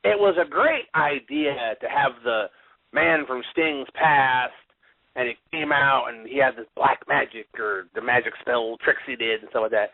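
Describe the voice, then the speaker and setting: A man co-hosting a casual radio talk show, telling stories in a lively, animated way. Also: mid-range voice, measured pace, gravelly, no room sound. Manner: animated, vivid storytelling. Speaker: podcast co-host. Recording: tinny phone-like radio audio.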